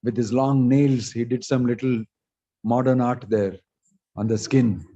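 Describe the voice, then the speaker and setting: A man's voice: medium pitch, fairly even intonation, unhurried, dark tone. A man giving a sermon as a monk, telling stories with voiced quotes and jokes, in a dull lo-fi recording. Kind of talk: sermon storytelling.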